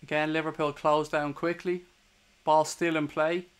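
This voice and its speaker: Irish bloke doing running commentary on a match for his stream, fairly high voice, swears a lot at the other team. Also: level tone, moderate pace, clean tone. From Ireland. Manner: swears hotly at opposing players. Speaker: fan watchalong streamer doing live commentary. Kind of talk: live play-by-play commentary to a stream chat.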